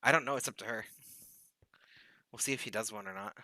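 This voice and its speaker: Male streamer, very bright sharp voice, dry close sound, rambling casual chat. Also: on the low side, fast, no echo, low-quality recording. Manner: rambling, chatty storytelling. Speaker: streamer host.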